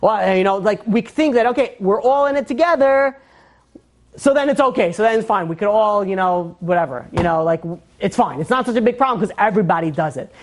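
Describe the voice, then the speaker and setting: Guy rabbi teaching a class, super animated, cracks jokes, keeps doing the voices of people in the story. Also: sits high, brisk. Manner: animated and joking, acting out quotes in character. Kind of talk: casual Torah class.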